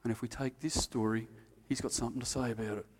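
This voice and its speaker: A man preaching a sermon, telling a story and acting out the quotes, then dropping to quiet, earnest emphasis. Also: mid-range voice, steady tone, fast talker, slightly rough, big-room sound. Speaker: pastor.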